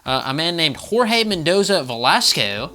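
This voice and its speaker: A man's voice: fairly high pitch, moderate pace. An American man hosting a gaming channel, ranting casually with swearing and mocking voices. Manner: animated, swears, mock voices, laughs often. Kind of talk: casual opinion rant.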